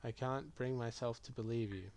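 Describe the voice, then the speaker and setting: A man streaming a game, reading typed chat messages and reply choices aloud in a low-key, musing way. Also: fairly even intonation, moderate pace, over loud music. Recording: clear keyboard typing behind voice.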